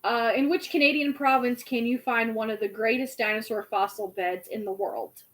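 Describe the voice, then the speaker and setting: A woman in her late twenties hosting a casual chat, animated and giggly, playing with silly voices. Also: on the high side, moderate pace, rough recording. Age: 20s. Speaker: host.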